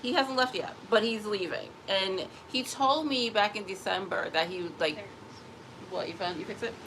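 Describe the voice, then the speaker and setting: A woman chats to her vlog audience in an emotional, rambling way, often starting over mid-sentence. Her voice sits in an ordinary middle pitch. A faint noise runs under the recording. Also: normal speed, fairly bright tone, poor audio. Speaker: vlogger. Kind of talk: casual personal vlog talk.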